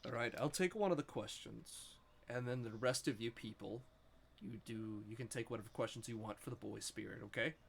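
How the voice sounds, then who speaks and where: A man's voice: medium pitch, brisk, vocal fry, slight background noise, natural voice. A man voicing a blunt older man who leads the group.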